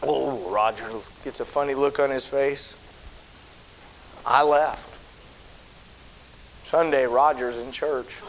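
A man's voice: mid-range voice, steady tone, slow pace, long pauses, poor audio. A middle-aged man, a pastor, telling a story in a sermon in a folksy way in a church auditorium. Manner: folksy storytelling, swelling to shouted preaching. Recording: faint hiss.

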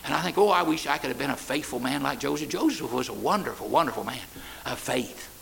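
A man's voice: mid-range voice, expressive, quick pace, vocal fry, fairly bright tone, a little hiss or hum, low-quality recording. A man preaching a sermon, in a folksy style with repeated "amen" and stammered restarts. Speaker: pastor. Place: church.

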